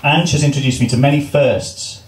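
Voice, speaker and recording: A man's voice: mid-range voice, fairly quick. An English man giving his wedding speech as the groom, joking and poking fun at himself. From England. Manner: joking, self-deprecating. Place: wedding reception venue. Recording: roomy, distant, loud crowd noise.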